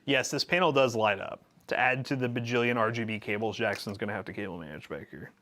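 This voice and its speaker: A man's voice: lowish voice, quick pace. A young man co-hosting a livestream, joking and answering viewer questions while building a PC. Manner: lively, joking, reads chat aloud. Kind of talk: casual livestream chat.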